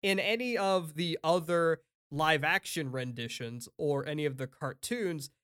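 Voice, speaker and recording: Opinionated man in animated casual chat. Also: on the high side, a little slow, smooth. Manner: animated, opinionated, laughs often, swears casually. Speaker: podcast co-host.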